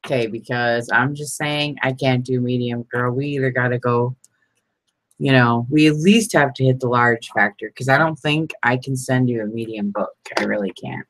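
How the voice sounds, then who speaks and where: Her voice is a rumbling low one with fairly even intonation and a normal pace as she, a crafting vlogger, chats casually while making envelopes. She laughs a lot and addresses viewers by name; the recording is rough but free of echo.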